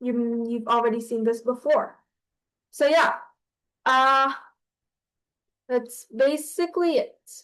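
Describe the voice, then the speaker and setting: A woman leads an online class, explaining things slowly. Her voice sits high, and her speech is full of pauses, fillers and self-corrections. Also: fairly even intonation, a bit bright, poor audio. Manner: hesitant, many fillers and restarts. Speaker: teacher.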